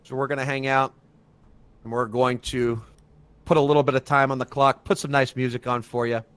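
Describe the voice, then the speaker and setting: A man's voice: medium pitch, little pitch movement, fairly quick, a bit bright, clean tone, no echo. A man casting a live esports match, giving play-by-play commentary with dramatic build-ups. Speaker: esports caster.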